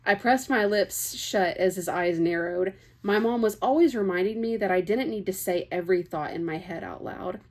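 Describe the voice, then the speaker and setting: A woman's voice: on the low side, normal speed, a little mellow. Young woman reading a novel aloud. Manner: chatty, laughs and breaks off for casual asides. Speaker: book reader.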